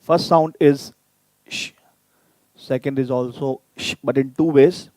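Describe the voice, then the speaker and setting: A man leads a live online German lesson, sounding out each vowel and consonant patiently, one at a time. His voice is mellow and unhurried, recorded dry and close with no room sound. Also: medium pitch, fairly even intonation, no echo. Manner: repeats sounds slowly to drill pronunciation; addresses viewers directly, inviting typed questions. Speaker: German language teacher.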